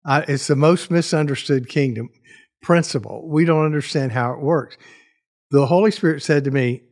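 A man's voice: on the high side, normal speed, a little mellow. Earnest man sharing testimony. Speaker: author and guest. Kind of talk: casual chat.

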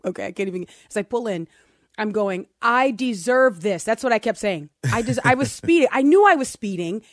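A middle-aged woman co-hosting a casual chat, telling a story in an animated, self-deprecating way and laughing as she goes. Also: medium pitch, a little fast, dry recording, clean studio sound. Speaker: co-host.

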